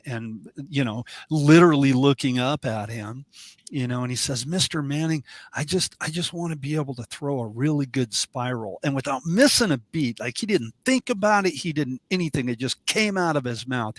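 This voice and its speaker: A man's voice: mid-range voice, no echo. A man, a drum teacher, chatting casually on a podcast and telling stories with lots of restarts. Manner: animated storyteller with many restarts. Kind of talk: casual chat.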